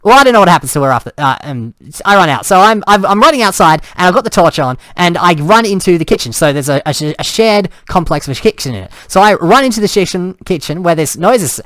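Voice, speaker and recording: A man's voice: high voice, big pitch swings, fast talker, hardly any pauses, a bit bright, dry recording. A man telling a story in a casual way, acting out cries and sounds and often restarting his sentences. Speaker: storyteller and host.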